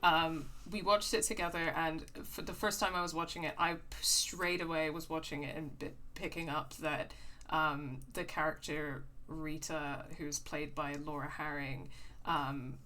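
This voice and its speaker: A woman's voice: low-pitched, fairly even intonation, unhurried, sharp tone. A woman co-hosting a game stream, chatting casually with lots of fillers. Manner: chatty, many fillers and restarts, laughs often. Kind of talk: casual chat.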